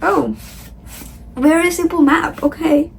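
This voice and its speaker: A young woman with a fairly high voice chatting casually to her phone camera at home, rambling and excitable yet drowsy from tiredness. A faint hiss of background noise sits under her voice. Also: slow, gravelly. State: sleepy and tired. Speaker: book vlogger. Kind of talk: casual vlog update.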